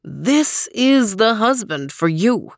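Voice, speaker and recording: A woman voicing a proud, demanding old sultan with a commanding, slow storybook delivery. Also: medium pitch, big pitch swings, no echo, clean studio sound, voice pushed up.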